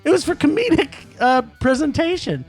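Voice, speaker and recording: A man's voice: very high-pitched, big pitch swings, normal speed. A man co-hosting a podcast, ranting about movies in casual chat, emphatic and laughing. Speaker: podcast co-host. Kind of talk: casual film-review chat.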